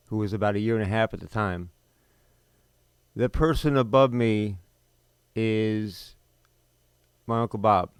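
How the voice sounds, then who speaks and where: A middle-aged man hosting a podcast, telling a personal story in a blunt, bitter, emphatic way with sudden pauses. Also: on the low side, clean tone, dry recording. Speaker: podcast host.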